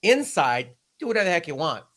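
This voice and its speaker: An American man, a guest in a casual chat, animated and quick to laugh and joke. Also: a little high. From United States.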